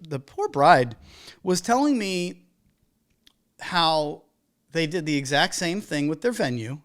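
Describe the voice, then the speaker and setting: A wedding DJ hosting a casual podcast monologue, an animated storyteller who acts out the people in the stories. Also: medium pitch. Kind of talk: casual podcast monologue giving business advice.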